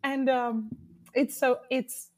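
A young woman chatting casually, telling an animated story and breaking into shrieked cheers as she acts it out. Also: sits high, takes it slowly. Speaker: guest storyteller. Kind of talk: casual chat.

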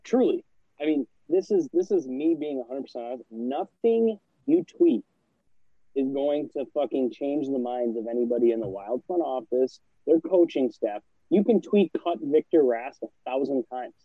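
A man's voice: mid-range voice, animated, moderate pace, husky, no room sound, phone-quality sound. Blunt, profane man ranting. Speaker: podcast co-host. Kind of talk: casual podcast banter.

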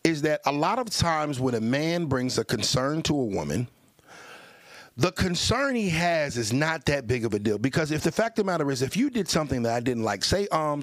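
A man hosting a podcast, breaking into a loud, profane, preacher-style yelling rant between casual chat. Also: medium pitch, dry recording. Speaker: podcast host.

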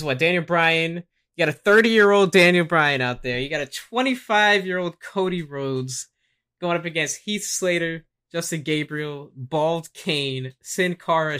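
A man hosting a wrestling podcast in casual chat, animated and laughing often as he acts out quotes. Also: a little high. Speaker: podcast host.

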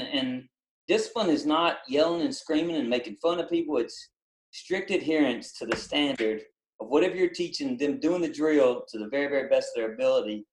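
A middle-aged man with a Southern country accent, a basketball coach and former drill instructor, talking in a casual podcast interview with many halting restarts. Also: medium pitch, echoey room, low-quality recording. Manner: halting, repeats words, many fillers.

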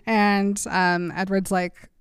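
A young woman co-hosting a podcast, recapping a story in casual chat and quoting the characters in a flat deadpan between laughs. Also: medium pitch, slow, clear, resonant tone, no room sound. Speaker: podcast co-host.

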